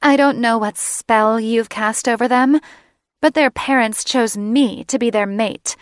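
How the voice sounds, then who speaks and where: A woman's voice: medium pitch, animated, unhurried, no echo, studio quality. A woman playing a feisty young witch. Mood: defiant. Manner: defiant and sharp-tongued.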